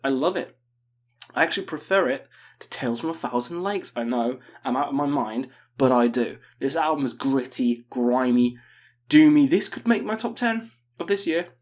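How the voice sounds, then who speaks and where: A man's voice: medium pitch, normal speed. A man in his thirties chatting casually as a metal music video host, cursing and joking with enthusiasm. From England. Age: 30s. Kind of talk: casual album-review chat.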